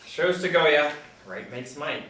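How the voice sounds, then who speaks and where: A man reading the part of a boastful, folksy male drifter who calls himself a soldier of fortune, talking with swagger and sudden loud bursts. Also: on the high side, animated, a little slow. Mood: folksy boasting. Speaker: table-read actor. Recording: roomy, distant mic, faint background hum.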